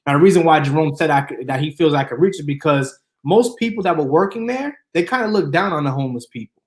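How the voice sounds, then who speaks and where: A man's voice: a little high, lively intonation, quick pace. Earnest young man telling his story. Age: 20s. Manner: earnest, drawling, plays the people he quotes. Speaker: guest. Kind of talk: casual interview storytelling. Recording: roomy echo.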